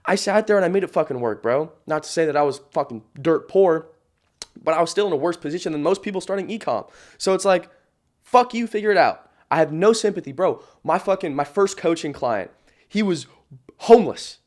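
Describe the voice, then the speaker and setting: A young man in his late teens speaks as a podcast guest, with a voice pitched a little higher than most men. He talks bluntly and swears freely, keeps saying "bro," and restarts his sentences as he rambles through his stories. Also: expressive, a little fast, a little mellow. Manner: blunt, profane, emphatic, peppered with "bro". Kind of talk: casual podcast storytelling.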